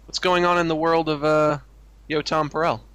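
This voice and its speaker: A man's voice: fairly high pitch, flat delivery, normal speed, a bit bright, smooth, no echo. A man co-hosting a crude comedy chat, speaking in a dry, mock-prim way with lots of hesitations. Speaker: co-host.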